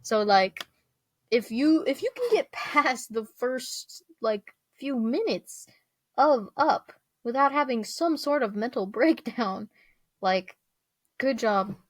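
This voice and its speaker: A young woman vlogger talking casually, her fairly high voice tumbling along with filler words and little laughs. The sound is dry and close, with no room around it. She rambles and giggles her way through. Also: expressive, takes it slowly, no room sound. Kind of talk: casual chat.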